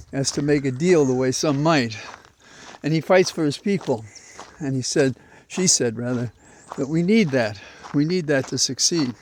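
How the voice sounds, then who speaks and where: A man talking into a portable mic while out on a walk, rambling and reflective with many pauses. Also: fairly high pitch, a little mellow, slight background noise. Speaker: vlogger. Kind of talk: walking commentary. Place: outdoors on a walk. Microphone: portable mic carried while walking.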